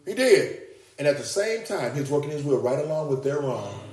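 A man preaching a sermon in an animated way, often rising high for emphasis and repeating his words. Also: normal speed, echoey room.

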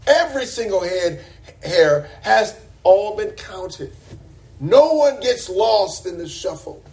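A man's voice: high voice, sing-song, slow, darkish tone. A man preaching a sermon to a congregation in a church, emphatic and repeating words for stress.

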